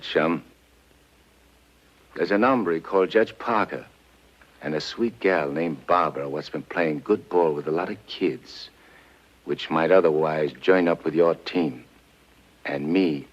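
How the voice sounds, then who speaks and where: A man's voice: extremely low pitch, measured pace. An actor playing a tough male gangster in a 1940s film, talking in menacing street slang. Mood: cocky. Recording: muffled old film soundtrack with music.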